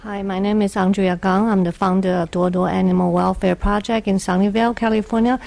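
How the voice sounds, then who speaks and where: Woman group founder testifying, gravelly voice, flat and insistent. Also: mid-range voice, a little fast. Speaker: founder of an animal welfare group. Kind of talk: brief public testimony.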